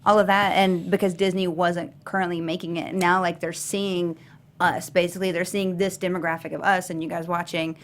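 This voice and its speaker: A woman's voice: fairly low pitch, little pitch movement, brisk. A woman co-hosting a casual movie news chat, chatty and full of "like". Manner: chatty, fills with "like" often. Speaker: co-host.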